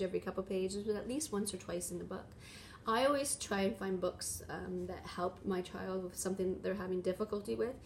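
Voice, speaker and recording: A woman giving reading tips as a parent, talking warmly and switching into playful voices for the story. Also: medium pitch, a little hiss or hum. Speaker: parent teaching reading at home. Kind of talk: instructional talk with expressive read-aloud.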